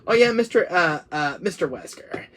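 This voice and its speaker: A man's voice: high-pitched, big pitch swings, normal speed, fairly bright tone, pitched above the performer's own voice. Man as a nervous teacher on a call, stammers, hesitant. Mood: flustered. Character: flustered schoolteacher on the phone.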